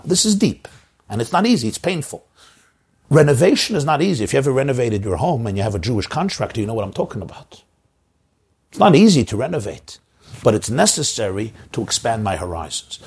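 A man who is a rabbi, giving an inspirational Torah talk to community leaders with an impassioned delivery that leaps up in pitch for emphasis. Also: vocal fry, darkish tone, husky.

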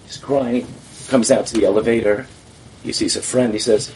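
A man in a conversation telling a story with lively delivery, acting out the people he quotes. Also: on the low side, moderate pace. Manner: animated storyteller who acts out quotes. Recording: distant mic with faint background noise.

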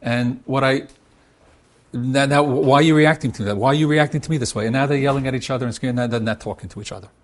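A man's voice: mid-range voice, fast talker. A man speaking as a marriage counselor, teaching with examples and acting out both spouses' words, often repeating and restarting. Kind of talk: teaching talk with acted-out examples.

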